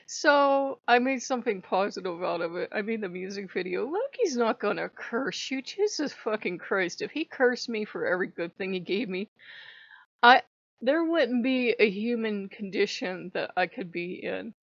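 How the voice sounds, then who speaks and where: A woman's voice: mid-range voice, expressive, normal speed, no room sound. A woman ranting bluntly and with heavy profanity in a casual vlog, in a dull lo-fi recording. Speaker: vlogger.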